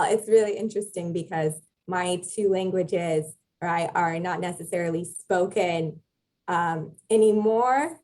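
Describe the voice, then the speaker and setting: A woman's voice: lowish voice, a little mellow, low-quality recording. A young adult woman, a Latin teacher, explaining at length as a podcast guest in a thoughtful way with frequent filler words. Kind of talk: casual conversational interview.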